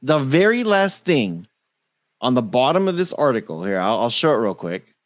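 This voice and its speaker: A man hosting a tech podcast in a loose, joking, casual way. His pitch swings widely as he talks, and the sound is dry and close, with no room around it. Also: big pitch swings, normal speed, no echo. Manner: loose, joking, laughs often, swears. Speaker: podcast co-host. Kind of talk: casual tech-news chat.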